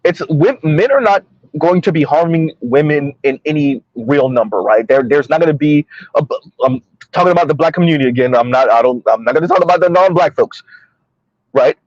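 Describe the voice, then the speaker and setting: Sassy preachy guy in his 30s talking to y'all, high-ish voice, dull lo-fi sound. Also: animated, brisk, no echo. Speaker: commentary streamer. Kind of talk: social commentary monologue.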